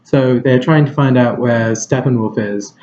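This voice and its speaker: A man's voice: medium pitch, unhurried, a little mellow, lo-fi sound, slight background noise. A man giving a casual film review, rambling and hesitant, with lots of fillers and restarts.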